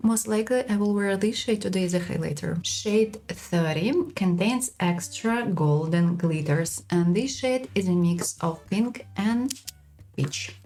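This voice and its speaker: A woman giving a frank, unhurried makeup product review as a beauty vlogger. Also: fairly low pitch, mellow.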